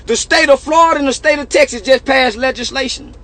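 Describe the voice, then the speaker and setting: A man's voice: very high-pitched, fast, hardly any pauses, bright, forceful tone. A man ranting in a casual vlog, bragging and taunting his critics in profane street slang, repeating himself again and again. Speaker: online personality. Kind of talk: boastful casual vlog rant.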